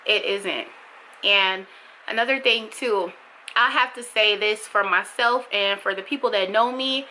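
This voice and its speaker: A young woman speaks straight to camera in an impassioned, emphatic vlog, her voice bright and forward. She leans on repetition to drive points home, with a faint hum of room noise behind her. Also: a little slow, rough recording. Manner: bursts high and loud when mimicking others. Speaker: vlogger. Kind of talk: candid vlog monologue.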